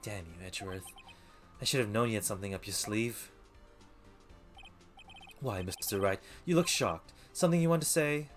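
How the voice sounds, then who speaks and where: An earnest young defense lawyer, voiced by a man close to his own everyday voice. He presses his points with steady conviction, with faint music in the background. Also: lowish voice, normal speed, long pauses, close to an everyday voice. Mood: pressing.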